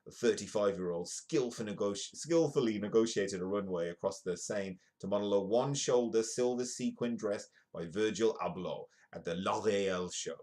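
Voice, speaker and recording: A man's voice: lowish voice, normal speed, few pauses, darkish tone. A man hosting a comedic live news show, reading newspaper stories aloud and breaking off for jokey asides. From United Kingdom. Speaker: host.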